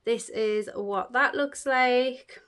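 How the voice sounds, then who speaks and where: A woman's voice: on the high side, slow, fairly bright tone, smooth. A woman beauty vlogger chatting casually through a product unboxing, gushing, with many fillers.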